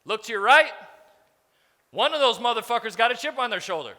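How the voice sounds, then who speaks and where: A man's voice: extremely high pitch, animated, brisk, long pauses, pushed and bright. A man in his thirties giving a blunt, profane motivational keynote on stage, acting out quoted conversations as he goes. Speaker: business speaker on stage. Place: large conference hall. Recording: reverberant hall, stage mic.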